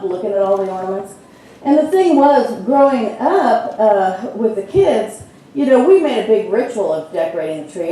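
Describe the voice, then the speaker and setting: A woman's voice: mid-range voice, mellow, slight background noise. A middle-aged woman minister giving a conversational sermon, telling a personal story with lots of filler words. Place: church sanctuary. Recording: very echoey hall from far off.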